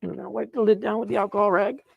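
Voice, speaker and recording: A chatty, excitable man talks his viewers through his mushroom work on a live stream, often laughing and saying sorry. His voice has a gravelly, fry-edged texture. The sound is dry and close, with little room echo. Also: sits high, very fast, highs cut off. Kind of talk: live-stream chat while working. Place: grow room, indoors.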